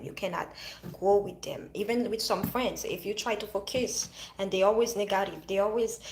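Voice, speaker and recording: A woman's voice: mid-range voice, echoey room, noisy background. Earnest woman with a French accent. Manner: earnest, repeats and restarts phrases. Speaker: vlogger. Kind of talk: casual motivational monologue.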